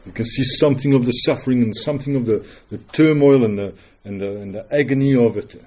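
A man preaching a dramatic, earnest sermon full of rhetorical questions, swinging between loud declarations and hushed words. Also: mid-range voice, fast, muffled recording.

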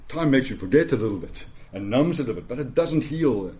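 In a church hall with a live congregation, a forties-aged pastor delivers an emphatic sermon, repeating phrases and asking "yeah?" His mid-range voice is animated, brisk, and warm, captured in a lo-fi recording.

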